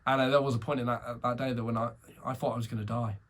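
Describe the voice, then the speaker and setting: A man's voice: mid-range voice, flat delivery, very fast, a bit bright. A tired young man co-hosting a podcast, telling a story in casual chat with frequent restarts and self-corrections. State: tired, yawning. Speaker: podcast co-host.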